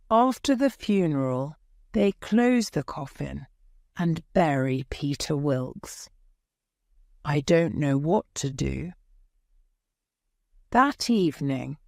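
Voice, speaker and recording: A woman narrating a graded reader story in slow, clear audiobook style. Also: low voice, a little mellow, no echo, studio quality.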